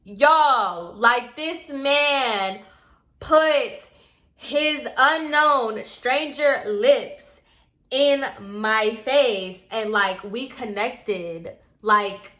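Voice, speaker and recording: A young adult woman telling a personal story in a chatty, expressive way, peppered with "like". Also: on the high side, extremely slow. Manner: chatty and expressive, heavy use of filler "like". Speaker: storytime vlogger. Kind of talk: casual storytelling.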